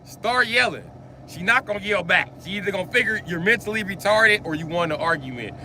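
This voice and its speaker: A man talking on a casual livestream, joking and swearing as he drops to low mutters and then bursts into loud yelling. His voice sits high and bright. Faint vehicle noise hums in the background. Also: fast. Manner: profane, joking.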